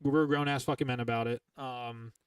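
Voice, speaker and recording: A man's voice: mid-range voice, steady tone, a little fast, clear, resonant tone, dry recording, recorded from a distance. A man hosting a podcast, telling a heated, profane story in casual chat and rambling with restarts. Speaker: podcast host.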